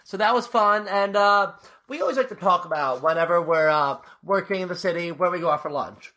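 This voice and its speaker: A young man with a high, bright voice tells stories in quick, animated bursts on a casual podcast. He talks like he is chatting with a close friend. His tone stays light and lively. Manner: fast, animated storytelling. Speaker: podcast co-host. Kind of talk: casual chat.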